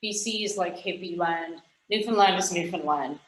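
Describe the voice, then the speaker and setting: A woman's voice: fairly low pitch, moderate pace, slight background noise. Frank, rambling Canadian woman in a roomy echo. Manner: rambling, frank, swears casually, laughs often. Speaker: guest scientist. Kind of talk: casual podcast chat.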